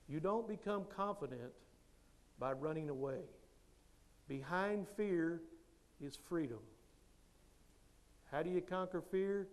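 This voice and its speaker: A man giving a motivational speech, telling a story with lively delivery and acting out the other people's lines. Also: high voice, unhurried, pauses often. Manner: animated storyteller who acts out others' lines. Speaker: motivational speaker.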